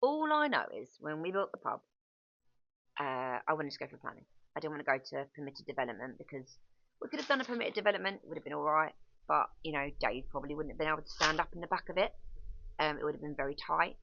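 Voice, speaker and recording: Woman, casual candid chat, gravelly fry, muffled lo-fi sound. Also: low voice, expressive, quick pace, no room sound. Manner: chatty, frank, self-correcting with frequent ums. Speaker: site manager and pub owner. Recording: dull lo-fi, dry sound.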